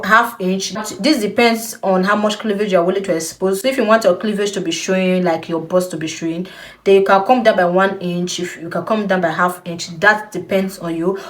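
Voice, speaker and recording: A young woman giving a patient step-by-step sewing tutorial, repeating key points and checking in with the viewer. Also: medium pitch. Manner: slow, patient, repeats instructions with frequent "okay?". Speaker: sewing instructor.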